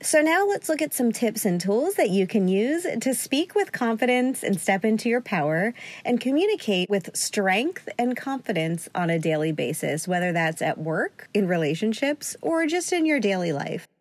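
A confidence coach hosts a solo advice podcast, chatty and upbeat, laughing often and sometimes a little short of breath. Her medium-pitched voice is very animated at a moderate pace, with no room sound.

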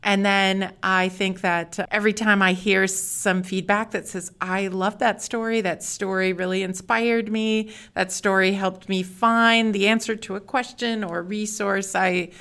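A woman's voice: medium pitch, steady tone, a little slow, hardly any pauses, a bit bright, clear, resonant tone. A middle-aged woman co-hosting a podcast, talking earnestly and with enthusiasm in casual chat. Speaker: podcast co-host.

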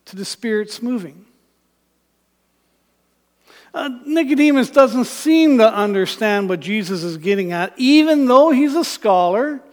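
Preacher, male, very high voice, animated storytelling delivery, echoing sanctuary. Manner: animated retelling, voicing characters, rising to loud passages. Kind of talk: sermon. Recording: long church reverb.

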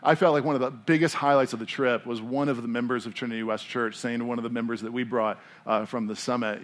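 An American man preaches in a loose, chatty way, as if talking with friends. He tells stories from the pulpit with plenty of fillers and restarts, at a middle pitch. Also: quick pace, few pauses. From United States. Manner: animated storytelling with many fillers. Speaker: pastor. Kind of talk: casual conversational sermon. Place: church in Denver.

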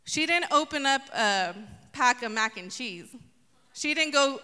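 High bright-voiced woman preaching in a hall. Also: unhurried, pauses often. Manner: animated, acts out voices of the story. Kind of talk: sermon with humor. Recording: long hall reverb.

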